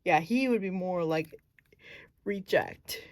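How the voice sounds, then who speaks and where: A woman's voice: on the low side, slow pace, no echo. A woman casually explaining her acting technique. She thinks aloud, searches for words and corrects herself as she goes. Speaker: acting student.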